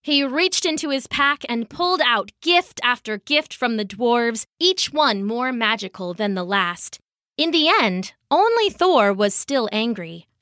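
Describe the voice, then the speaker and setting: A woman tells an old myth as a storybook reading, taking her time over every phrase. Her voice is bright and swoops through a wide range. The sound is close and dry. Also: a little high, animated, measured pace, dry recording. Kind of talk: scripted narration.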